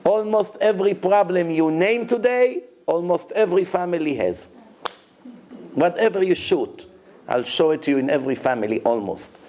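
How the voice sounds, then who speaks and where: A man's voice: high-pitched, animated, moderate pace, a little hiss or hum. Emphatic man giving a Torah talk. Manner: emphatic storyteller, rises to loud acted shouts. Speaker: rabbi answering questions. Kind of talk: Torah lecture with audience questions.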